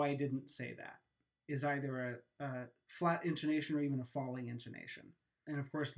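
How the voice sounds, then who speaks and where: A man with a slightly raised voice delivers an educational lecture. He explains patiently and methodically, occasionally pausing on a filler before moving on. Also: on the high side.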